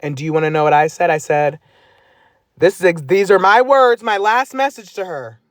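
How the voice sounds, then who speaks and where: A man's voice: high-pitched, normal speed, no echo, studio quality. A man on a phone livestream, recounting messages aloud in an exasperated casual rant.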